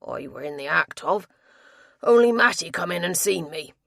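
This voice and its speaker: A woman doing a gruff, sulky big tapster. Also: lowish voice, expressive, moderate pace, a bit bright, no room sound, clean studio sound, exaggerated voice. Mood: grumbling. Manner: gruff rustic dialect, belligerent then sulky.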